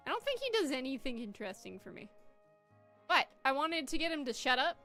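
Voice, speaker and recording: Woman gaming streamer just chatting thru a game, high voice, super lively, swears lol. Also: a little fast, faint music behind. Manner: chatty, swearing, self-mocking. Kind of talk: casual let's-play commentary.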